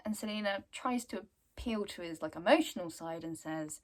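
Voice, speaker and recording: A woman's voice: fairly low pitch, moderate pace. A young woman casually retelling a book's story, chatty and giggly. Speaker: book reviewer.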